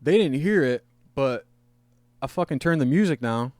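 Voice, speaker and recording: A man's voice: on the high side, animated, moderate pace, darkish tone, dry recording. Male podcast host, casual rambling storyteller, swears freely, dry close sound. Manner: rambling, profane, laughing at his own story. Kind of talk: casual storytelling among friends.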